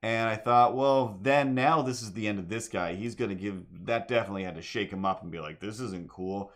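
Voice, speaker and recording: A man with a fairly low, fairly bright voice talks a little fast on a home stream from his apartment as he draws. He hops between subjects, bursts into bits of song, and addresses his cat.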